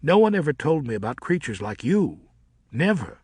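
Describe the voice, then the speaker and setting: A man's voice: a little high, big pitch swings, moderate pace, darkish tone, slightly rough, no room sound. A man voicing a young, curious and headstrong male bat who speaks earnestly and impatiently.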